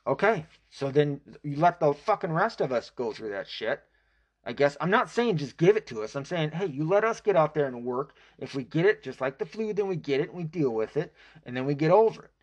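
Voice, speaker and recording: A man's voice: fairly high pitch, animated, brisk. A young American man hosting a casual solo podcast, rambling and swearing emphatically, a little out of breath. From United States. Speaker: podcast host. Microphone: close mic.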